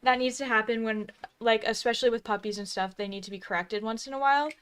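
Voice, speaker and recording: Blunt woman with a higher voice. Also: fairly even intonation, fast talker, fairly bright tone, clean tone. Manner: blunt, exclamatory, casual swearing. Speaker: co-host. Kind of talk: casual reaction commentary.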